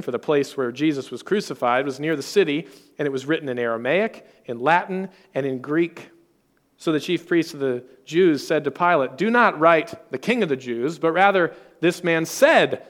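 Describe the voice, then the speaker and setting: A man preaching a sermon in an earnest teaching tone, reading and explaining scripture passages. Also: fairly high pitch.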